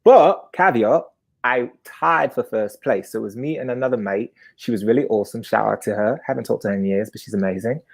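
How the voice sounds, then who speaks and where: A man in his twenties telling a personal story live, chatty and animated, with sudden high-pitched bursts. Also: fairly quick, creaky.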